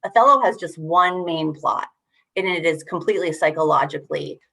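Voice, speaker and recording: A young woman with a slightly low voice guides a group of teachers through an online workshop. She talks in an encouraging, animated way, leaning hard on key words as she rereads lines. Her voice comes through a video call. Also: brisk, creaky. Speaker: workshop facilitator.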